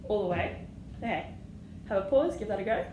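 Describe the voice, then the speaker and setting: A woman's voice: mid-range voice, animated, a little fast, mellow, soft background music. A woman teaching flute, patient and encouraging, singing rhythms aloud as she explains. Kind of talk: music lesson. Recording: echoey room with audible noise.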